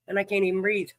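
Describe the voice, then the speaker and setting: A woman's voice: medium pitch, fairly bright tone, low-quality recording. A woman hosting a live stream card game, chatting with viewers in a folksy, teasing, profane way while coughing and short of breath. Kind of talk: casual chat with viewers.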